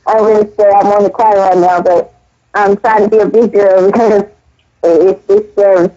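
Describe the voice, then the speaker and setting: A woman's voice: medium pitch, fairly even intonation, normal speed, warm tone. Woman, casual testimony, earnest, rambling, restarts, muffled lo-fi sound. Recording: dull lo-fi audio.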